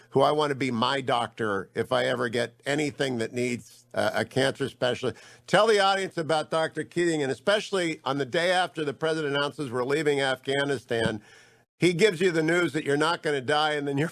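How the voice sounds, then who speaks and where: A middle-aged man hosting a radio interview, chatty and enthusiastic, with quick asides. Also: medium pitch, a bit bright. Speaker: talk radio host.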